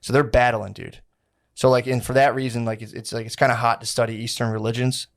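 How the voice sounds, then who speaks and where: A man's voice: mid-range voice, flat delivery, quick pace. A man co-hosting a podcast, telling a history story in a rambling, slangy, casual way, full of quoted voices. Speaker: podcast co-host.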